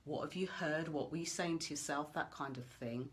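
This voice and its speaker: Low-pitched woman talking you thru a goal visualization, soft and coaxing. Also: normal speed. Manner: gentle, coaxing, asks many questions. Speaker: motivational coach. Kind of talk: guided visualization talk.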